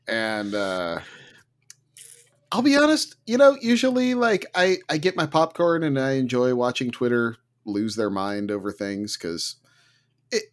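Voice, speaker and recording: A man co-hosting a casual gaming podcast, talking with big excited swings in his voice. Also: a little slow. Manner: animated, swings pitch sharply when excited. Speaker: podcast co-host. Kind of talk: casual chat.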